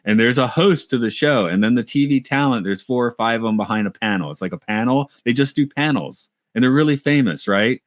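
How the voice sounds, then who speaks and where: A man's voice: medium pitch, expressive, a little fast, hardly any pauses, dry recording, clean studio sound. A man in a casual podcast chat who rambles, restarts his thoughts and thinks aloud. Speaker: podcast co-host. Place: lives in Japan.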